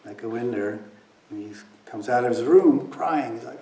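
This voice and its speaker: A man's voice: mid-range voice, moderate pace, creaky, dark tone. Storytelling man in an echoey hall. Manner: storytelling, acts out quoted voices, drops to near whispers. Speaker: meditation teacher. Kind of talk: dharma talk. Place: meditation hall. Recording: echoey room, mic at a distance, faint noise.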